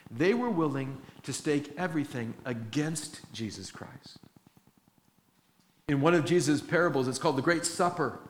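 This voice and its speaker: Male pastor, earnest sermon delivery, slightly high voice, echoey church room with faint noise. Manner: earnest preaching with put-on voices of doubters.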